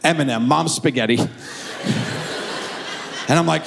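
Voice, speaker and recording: A middle-aged man telling a stand-up comedy story with animated, exaggerated voices, on a theater stage with a handheld mic. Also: a little high, moderate pace, noisy background. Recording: echoey theater with faint crowd.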